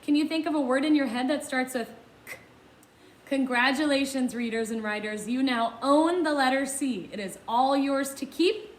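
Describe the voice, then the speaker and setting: A woman teaching a phonics lesson to young children, drawing out sounds in a slow sing-song manner. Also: sits high, echoey room. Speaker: kindergarten teacher.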